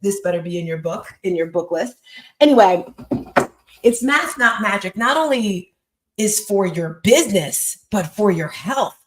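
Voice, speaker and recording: Hosting a motivational live chat, a woman in her fifties addresses her listeners directly, telling stories with emphasis. Her medium-pitched voice is expressive and unhurried, picked up in an echoey room with a noisy background.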